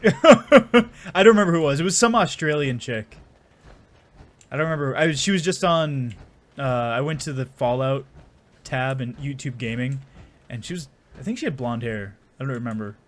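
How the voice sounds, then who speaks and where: A young gaming streamer with a medium-pitched voice comments on his game at a moderate pace. His let's-play commentary is casual, rambling, and full of crude jokes.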